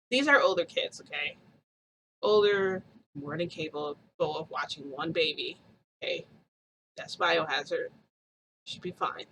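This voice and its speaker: Chatty woman vlogger, bright sharp voice, tells her story fast and lively, faint hum behind. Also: on the low side, poor audio. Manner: chatty and animated, full of quoted dialogue. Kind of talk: casual storytelling to viewers.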